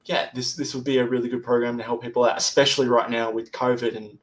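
A man's voice: medium pitch, flat delivery, quick pace, rough recording. A man speaking as a podcast guest in an easy conversation. His voice sits mid-range and he often stalls and restarts words. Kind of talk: casual interview chat.

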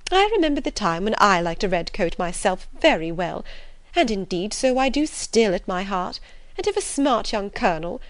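A woman reading the part of an excitable middle-aged mother in an audiobook, gushing and emphatic. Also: medium pitch, dry recording.

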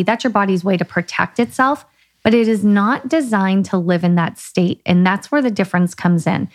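A woman co-hosting a podcast, explaining ideas in a lively, casual way with quick runs of short sentences. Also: mid-range voice, no room sound, studio quality. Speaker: podcast co-host. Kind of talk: casual chat.

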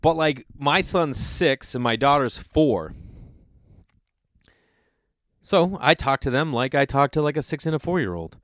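Profane comedian telling stories, dry sound. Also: male voice, on the high side, expressive, a little slow, pauses often, a bit bright, no echo. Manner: loose, profane, acts out people he quotes. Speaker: comedian podcast host. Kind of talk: casual storytelling monologue.

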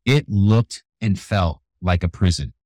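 An older man talks energetically as an interview guest, acting out the voices of people in his stories. His voice sits a bit low and sounds dry and close to the mic. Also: measured pace, no room sound. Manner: energetic, animated storyteller who acts out quotes. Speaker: guest, youth keynote speaker. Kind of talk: storytelling interview talk.

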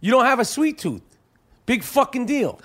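A man hosting a podcast in casual, profane chat that breaks into shouted rants. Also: extremely high pitch, sing-song. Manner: profane, rapid ranting with shouted tirades. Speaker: podcast host.

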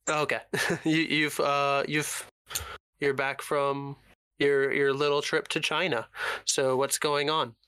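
A man's voice: fairly high pitch, flat delivery, takes it slowly, sharp tone, smooth, no room sound. A man running a tabletop role-playing game as game master, laughing often and slipping into character voices.

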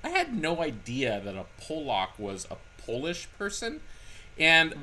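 Animated, bright-voiced man in his forties. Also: on the high side, measured pace, slight background noise. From California. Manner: animated storyteller, wry. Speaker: podcast co-host. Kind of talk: casual chat.

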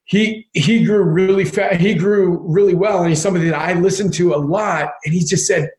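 A man talking as an interview guest in casual chat, energetic and often repeating words as he thinks. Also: high voice, normal speed, reverberant.

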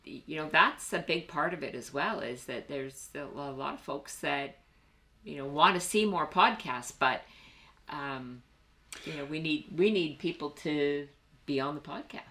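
A woman's voice: low-pitched, a little slow, sharp tone. A woman co-hosting a casual podcast, chatty, with many fillers. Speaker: podcast co-host.

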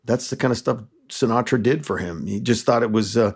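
A man in casual podcast chat who laughs often and slips into quick impressions. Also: medium pitch, slightly rough.

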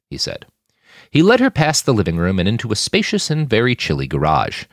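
A man hosting a fiction podcast, reading his own story aloud with expressive scripted narration. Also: low voice, brisk, no room sound, clean studio sound. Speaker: podcast host and fiction author.

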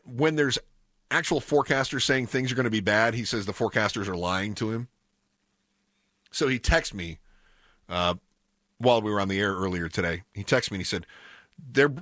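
Bright, lively talk radio host. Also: male voice, on the low side, dry recording, studio quality. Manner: chatty, wry, conversational. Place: radio studio. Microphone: studio microphone.

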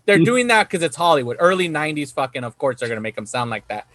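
A man's voice: on the high side, sing-song, fast talker, a bit bright, no room sound. A man hosting a casual podcast chat, rambling and cursing freely while telling stories. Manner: profane, rambling storytelling. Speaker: podcast host.

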